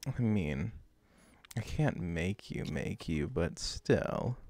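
Male performer in a put-on teasing voice: very deep, slow, gravelly drawl, affectionate flirt. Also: expressive, a little mellow, a little hiss or hum. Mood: flirty. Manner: doting, calls everyone cutie.

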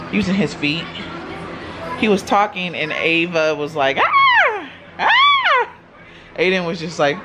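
A young woman chatting casually to her phone camera as a mom vlogger at home, calling her viewers y'all. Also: low voice. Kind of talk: casual vlog talk to camera. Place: at home with babies. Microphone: phone held by hand. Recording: noisy home phone recording.

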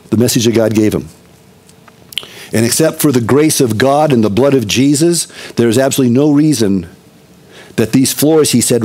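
A man's voice: medium pitch, darkish tone. A middle-aged male pastor preaching a conversational expository sermon, with emphatic repetition.

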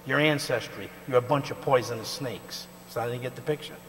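A male pastor preaching a sermon, emphatic and swinging between loud and quiet, often pausing to ask the congregation to finish his sentences. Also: medium pitch. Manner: call-and-response questions to the congregation. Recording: reverberant hall with mains hum.

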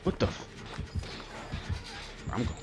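A young man giving live, excitable commentary on his own gameplay, swearing often and calling everyone bro. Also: slow, soft background music. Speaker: gameplay streamer.

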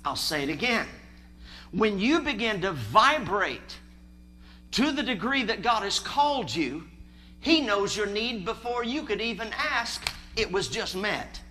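A man's voice: sits high, big pitch swings, measured pace, bright, forceful tone. A man preaching a sermon, emphatic, calling on the congregation to answer him. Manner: emphatic, calls for congregation responses.

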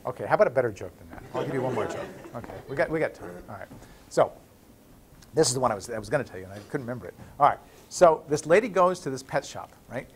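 A man lecturing in a classroom as a university professor, playful and animated, breaking up the lesson with jokes. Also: medium pitch, fast, a little hiss or hum.

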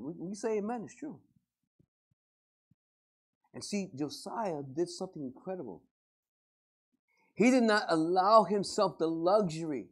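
A male pastor preaching a lively, joking sermon to a congregation and acting out everyday scenes. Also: high-pitched, breathy edge. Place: church service before a congregation.

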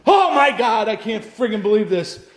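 A scared man talks to his camera while alone in an empty house, his voice set a little high for a man. He swears, repeats himself and sounds shaky throughout. The bare rooms give his voice a strong echo. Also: sing-song, normal speed, a little hiss or hum. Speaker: paranormal vlogger. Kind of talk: solo ghost-hunting vlog. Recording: echoey empty room.

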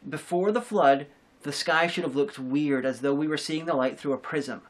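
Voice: mid-range voice, moderate pace. A co-host in a casual film review chat, explaining ideas at length with frequent restarts. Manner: rambling explanations with many restarts.

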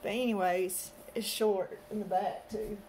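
A woman's voice: mid-range voice, fairly even intonation, a little slow, a little mellow, slight background noise. A woman, chatting casually to the camera in her bedroom and talking to her pets between rambling stories. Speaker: vlogger.

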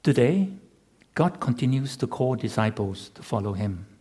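A man preaching a sermon as pastor, measured and emphatic with rhetorical repetition. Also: lowish voice, darkish tone, husky.

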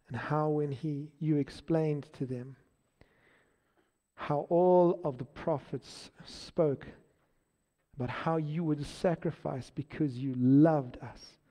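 A man's voice: on the high side, slow pace, dark tone. A man leading an earnest spoken prayer in church. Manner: earnest, devotional. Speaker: prayer leader. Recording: dull lo-fi sound with faint music.

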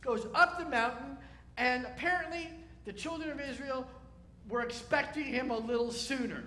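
A man's voice: very high-pitched, moderate pace, sharp tone, reverberant, slight background noise. A man preaching a sermon as a rabbi, speaking in a conversational, wry way and asking his listeners questions.

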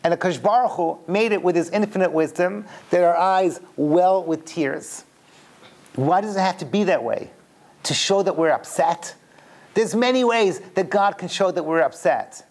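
A British-accented man, a rabbi lecturing to a live audience. He spins comic personal stories with animated delivery and then draws a lesson from them. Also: high voice, moderate pace. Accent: British English. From Britain. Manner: animated storyteller, mixes jokes with teaching.

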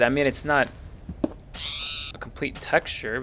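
Man, let's play commentary, unhurried, exasperated outbursts, background hiss. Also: medium pitch, vocal fry. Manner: chatty, flares into exasperated yelling at enemies. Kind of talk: gameplay commentary.

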